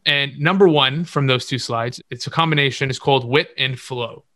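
A man's voice: medium pitch, moderate pace, fairly bright tone, dry recording, clean studio sound. A man speaking as a podcast guest, giving confident, instructive advice in casual interview talk and repeating words for stress.

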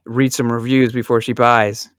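A man's voice: medium pitch, flat delivery, normal speed, dry recording, clean studio sound. A man adding short, wry quips in a casual podcast chat.

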